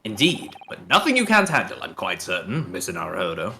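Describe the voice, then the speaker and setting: A man's voice: deep voice, wildly swooping pitch, fairly quick, creaky, pushed and bright, slight background noise, pitched below the performer's own voice, exaggerated voice. A man putting on a pompous posh English detective. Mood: haughty. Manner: pompous, dismissive. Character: haughty upper-class male English detective.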